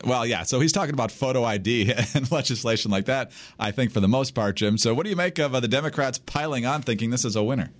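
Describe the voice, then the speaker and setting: A man's voice: mid-range voice, fast talker, few pauses. Male podcast host, sardonic, mid-range voice, conversational. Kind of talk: casual political talk.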